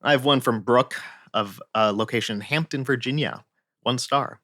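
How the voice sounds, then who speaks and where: A man's voice: mid-range voice, moderate pace, bright, forceful tone, faint music behind. A man co-hosting a casual podcast, joking wryly, laughing along and reading ads. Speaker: podcast co-host. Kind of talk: casual chat and ad reads.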